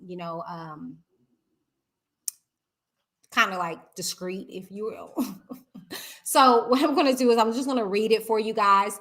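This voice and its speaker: A high, bright-voiced woman. She chats in a lively, loose way, full of fillers and "okay?" tags. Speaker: talk show host. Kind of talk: live-stream chat.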